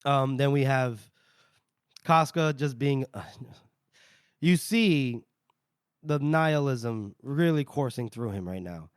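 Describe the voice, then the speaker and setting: A man's voice: mid-range voice, lively intonation, slow, long pauses, clean tone, no room sound, clean studio sound. A man co-hosting a casual book-discussion podcast, retelling chapters with put-on character voices and plenty of swearing. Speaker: podcast co-host.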